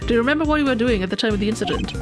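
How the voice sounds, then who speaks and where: A woman's voice: a little high, animated, rapid-fire, natural voice. A woman voicing a stern male prosecutor who questions in a formal, pressing manner, with game music behind. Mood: probing. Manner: formal, cross-examining.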